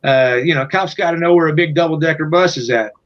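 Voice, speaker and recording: A guest musician on an interview show tells a rambling, profane tour story in a casual way, packed with fillers. His voice is fairly high and quick, and the recording sounds muffled.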